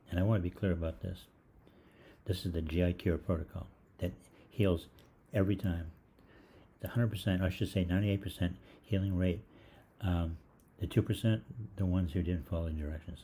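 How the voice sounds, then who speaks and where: Middle-aged male host, deep and mellow, rambling casual storyteller who acts out the other voices, faint noise under it. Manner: rambling, halting, full of fillers and restarts, acts out the other voices. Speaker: online health show host.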